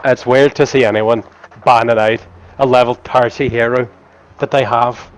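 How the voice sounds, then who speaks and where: A man's voice: medium pitch, fairly even intonation, normal speed, a little hiss or hum, low-quality recording. A man co-casting a game match as a guest player, with dry remarks and frequent swearing. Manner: dry, crude, swears often. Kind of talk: casual game commentary.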